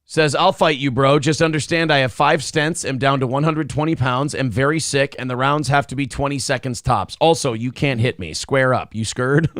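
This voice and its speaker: A man's voice: medium pitch, normal speed, a bit bright, no room sound, studio quality. A man co-hosting a casual morning live stream, reading viewer messages aloud and trash-talking rivals with brash, boastful swagger. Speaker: co-host of a morning show.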